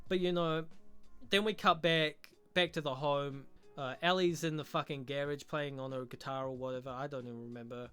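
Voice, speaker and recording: A man's voice: fairly high pitch, fairly even intonation, normal speed, bright, forceful tone, smooth, soft background music. A man reviewing a show in a casual vlog, crude, profane and mocking.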